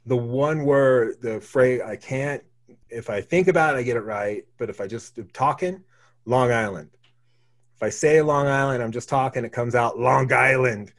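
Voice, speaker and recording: A man from Wyoming with a light drawl hosts a relaxed conversation. He tells his stories with a lively, anecdotal flow and a voice of ordinary pitch. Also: moderate pace. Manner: storytelling, animated impressions of others. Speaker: podcast host, former news station worker. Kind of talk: casual chat.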